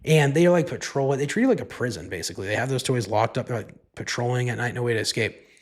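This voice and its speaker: A man's voice: medium pitch, fast. A man hosting a podcast, talking in a casual, rambling and profane way, with "like" in nearly every sentence. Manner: rambling, profane, heavy use of "like". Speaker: podcast host. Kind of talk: casual solo podcast monologue.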